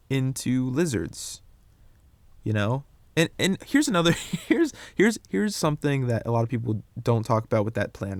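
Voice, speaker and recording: A young man hosting a solo podcast, rambling through his opinions in a casual, animated way with frequent restarts. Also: fairly low pitch, no room sound. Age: young adult. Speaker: podcast host.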